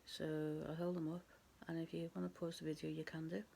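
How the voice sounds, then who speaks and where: A woman's voice: low voice, little pitch movement, fast, creaky, dark tone, a little hiss or hum. A woman doing a casual tarot reading to camera, chatty and rambling. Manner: chatty and rambling, laughs at herself. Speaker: tarot reader.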